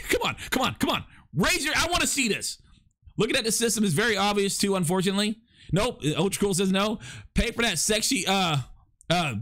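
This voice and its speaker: High-voiced young man hosting live. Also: fairly bright tone. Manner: rambling, stammering, reads and answers chat. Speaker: live podcast and stream host. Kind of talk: casual live chat with viewers.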